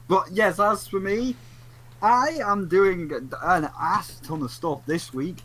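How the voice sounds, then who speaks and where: A man hosting a casual podcast chat, animated and joking, slipping into theatrical asides. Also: high-pitched, slow pace, breathy edge, rough recording. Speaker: podcast host.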